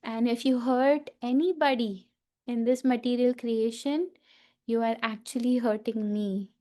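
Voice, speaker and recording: A woman speaking as a calm and wise mother goddess from a storybook tale, gently explaining a lesson. She speaks slowly, in a high voice. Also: lightly acted.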